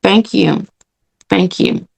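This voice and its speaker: A woman's voice: medium pitch, slow, vocal fry, darkish tone, breathy edge. A woman podcast host giving an earnest personal faith testimony, repeating phrases for emphasis.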